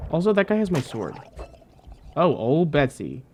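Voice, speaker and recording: A man giving let's play commentary, rambling in exasperation, repeating himself, talking to his viewers and often bursting into loud indignant yelling. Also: a little high, sing-song, normal speed, noisy background. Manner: repeats phrases, talks to viewers. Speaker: gamer, channel host.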